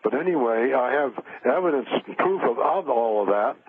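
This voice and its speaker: A man's voice: medium pitch, animated, normal speed, slight background noise. An older man, a spiritual counselor, telling a long rambling story in a radio interview, with many fillers and restarts. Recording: tinny phone line.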